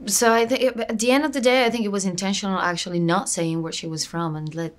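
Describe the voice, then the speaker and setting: A woman's voice: medium pitch, fast. Chatty young woman from Cuba. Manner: lively, chatty, laughing along. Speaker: actress guest. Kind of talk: casual interview chat.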